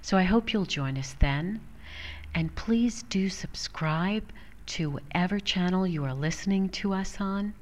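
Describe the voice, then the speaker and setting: Female podcast host, low register, measured and steady, scripted sign-off. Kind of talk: scripted episode outro.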